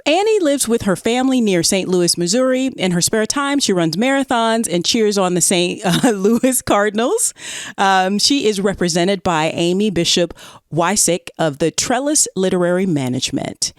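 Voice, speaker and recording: Bubbly Southern woman with a lively voice. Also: moderate pace, no room sound, clean studio sound. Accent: Southern American. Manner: bubbly, laughs often, swoops up high. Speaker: podcast co-host. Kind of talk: casual comedic chat.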